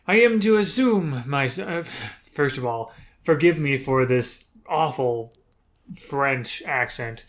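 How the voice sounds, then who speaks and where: A man at an ordinary mid pitch recounts a tabletop campaign he ran as game master. His casual storytelling is full of rambling asides and quick self-corrections. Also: fairly bright tone.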